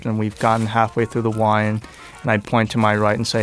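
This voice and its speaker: A man's voice: lowish voice, monotone, brisk, soft background music. A man telling a personal story on a radio show, laughing now and then and acting out the voices of people in it.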